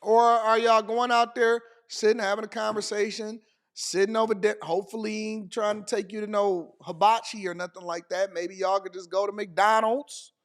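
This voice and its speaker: High-voiced preachy male commentator. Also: little pitch movement, moderate pace. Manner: emphatic, preachy, repeats phrases for emphasis; rhetorical questions. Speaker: dating commentator. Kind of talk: reaction commentary monologue.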